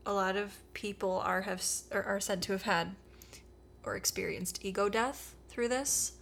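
A woman's voice: mid-range voice, fairly even intonation, moderate pace, vocal fry, fairly bright tone, slight background noise. Brief: woman podcast host, casual comedic storyteller, slangy. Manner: chatty, irreverent, slangy.

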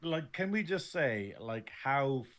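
A man's voice: mid-range voice, lively intonation, slow pace, a bit bright. A man co-hosting a casual review chat, joking, laughing a lot and swearing casually. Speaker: podcast co-host.

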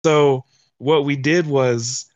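A man's voice: medium pitch, fairly even intonation, takes it slowly, no echo, highs cut off. Slangy young man telling a story. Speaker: podcast guest. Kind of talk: casual storytelling.

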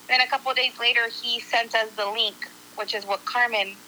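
Speaking briskly in a voice on the high side, a woman tells a group of friends a casual, animated story, voicing other people's lines and swearing casually. The recording is poor, with some background noise.

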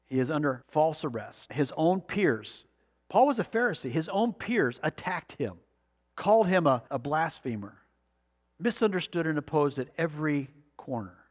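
A man's voice: on the high side, very animated, moderate pace, in a large hall. A man preaching a sermon, reading scripture aloud and asking the congregation rhetorical questions. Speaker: pastor.

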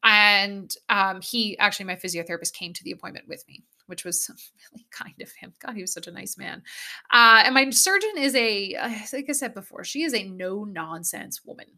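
A woman's voice: medium pitch, expressive, brisk, sharp tone. A young woman vlogger from Canada, telling a personal story in a candid, chatty way and swearing freely. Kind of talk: casual storytelling to camera.

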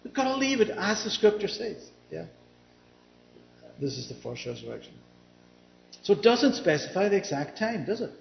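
Male Bible teacher with a high voice, chatty, keeps asking "yeah?", in a roomy room on a dull, lo-fi recording. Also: sing-song, moderate pace, gravelly, long pauses, a little hiss or hum. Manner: checks in often with a questioning "yeah?"; reads scripture aloud, then explains it.

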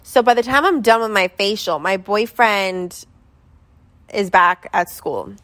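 A woman's voice: medium pitch, unhurried, fairly bright tone. A young adult woman telling a story in casual chat, rambling and filling it with constant "like". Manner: rambling, filler-heavy with constant "like".

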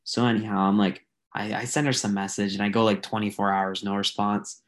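A man co-hosting a casual podcast, joking and teasing, sometimes dropping into a hushed mock-sensual voice. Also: on the low side, little pitch movement, fairly quick. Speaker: podcast co-host.

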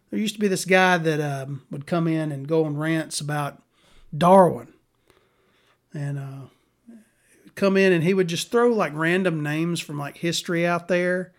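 A woman's voice: deep voice, normal speed. A woman from Alabama, telling stories in a blunt, exasperated way and swearing freely. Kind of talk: casual storytelling rant.

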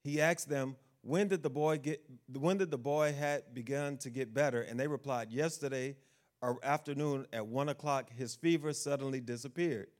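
A man's voice: mid-range voice, normal speed, a little mellow. A man preaching a sermon, asking the congregation questions and acting out the figures of the Bible story in quotes.

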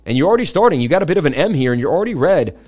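A man's voice: on the high side, rapid-fire, soft background music. Chatty man hosting a livestream. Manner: chatty, excitable, with asides to viewers. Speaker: livestream host. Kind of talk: live market analysis, reading chat.

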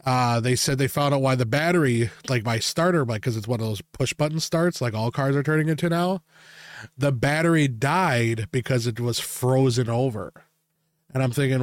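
A man's voice: mid-range voice, normal speed, no echo, studio quality. Crude, laughing man telling a rant. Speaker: podcast host. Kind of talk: casual chat.

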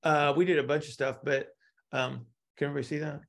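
Gravelly man teaching with analogies. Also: a little high, fairly even intonation, fast talker. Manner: explains with analogies, keeps checking in with "right?". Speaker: instructor. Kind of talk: teaching a live class.

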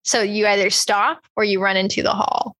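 A young woman reading a choose-your-own-adventure horror story aloud and chatting about it, slowing into hushed, dramatic narration. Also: mid-range voice, steady tone, dry recording, poor audio. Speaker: story reader.

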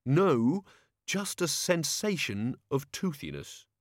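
A man's voice: on the high side, big pitch swings, slow, no echo, pitched above the performer's own voice, full character voice. A queasy, flustered god of hangovers, as a man puts him on stammers and gabbles in a raised, anxious voice. His talk keeps breaking off into spluttering half-starts. It comes across as a storybook reading, close and dry.

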